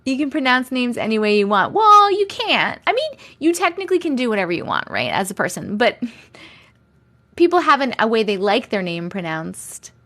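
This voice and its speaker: A woman with a Long Island accent, chatting casually on a livestream and reading viewer comments, talking in a chatty, animated way full of giggles. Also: on the high side, a little fast. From Long Island, New York. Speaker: livestream host.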